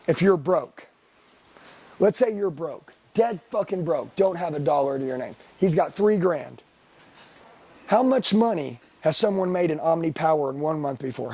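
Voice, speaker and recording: A man's voice: fairly high pitch, lively intonation, normal speed, warm tone. A middle-aged man giving a blunt, profane motivational sales talk, firing questions at his trainees. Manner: blunt, swearing, hammering questions at the room.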